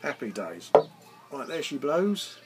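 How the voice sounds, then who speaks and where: A man's voice: mid-range voice, very animated, slow pace. A man casually reviewing a beer in a rambling, easygoing way, tired after gardening. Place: indoors, with garden party music outside. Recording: faint music in the background. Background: music from back garden.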